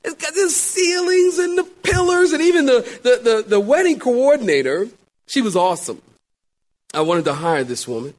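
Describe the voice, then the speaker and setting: A middle-aged male pastor delivers a storytelling sermon in a notably high voice. His pitch leaps all over the place, full of animation. He shifts from loud exclamations to quiet, confiding asides. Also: very animated, normal speed. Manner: storytelling with wide swings between loud exclamations and hushed asides.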